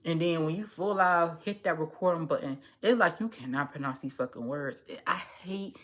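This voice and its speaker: A woman's voice: deep voice, moderate pace, fairly bright tone. A woman hosting a casual commentary podcast, speaking as a social worker, candid and rambling, swearing freely and tripping over her words. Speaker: podcast host.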